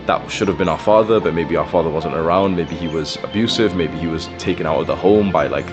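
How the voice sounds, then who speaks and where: A man's voice: low voice, brisk, lo-fi sound, music in the background. A young man giving blunt, profane, casual advice in a monologue, with lots of filler words. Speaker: self-improvement creator.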